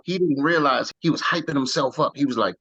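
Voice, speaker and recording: A man's voice: medium pitch, fairly quick, fairly bright tone. Chatty man, slightly muffled sound. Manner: chatty, jumps in with praise and laughter. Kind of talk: casual team meeting talk.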